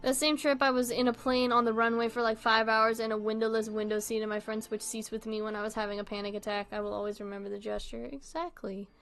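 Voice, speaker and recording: A young woman hosting a casual video, reading online posts and commenting in an animated way, swearing freely and laughing often. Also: on the high side, fast talker, hardly any pauses, clean tone, soft background music.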